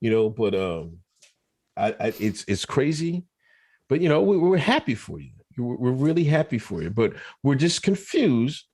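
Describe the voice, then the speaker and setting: A man's voice: medium pitch, very animated, normal speed, darkish tone, breathy edge. A man co-hosting a podcast, teasing in comedic casual chat and laughing often. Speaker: podcast co-host.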